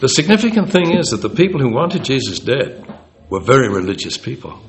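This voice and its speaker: A man gives an easygoing Bible talk, his pitch rising and falling a lot. He talks conversationally and acts out the lines he quotes. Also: sing-song, fairly quick, slight background noise. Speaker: Bible teacher. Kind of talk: informal talk on theology.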